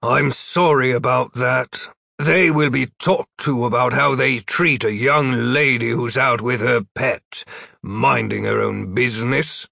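A man puts on a prim, fussy wizard from a storybook, kindly but quick to scold. He speaks in a measured way, a little higher than a plain voice, with a gravelly texture. The sound is dry and close. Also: steady tone, pushed and bright, dry recording, heavily acted.

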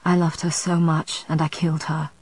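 A woman's voice: deep voice, level tone, moderate pace, a little mellow, breathy edge, no room sound. A woman reading the part of a brooding, tormented male vampire in an audiobook, speaking emphatically with a strained voice. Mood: anguished. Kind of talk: audiobook character voice.

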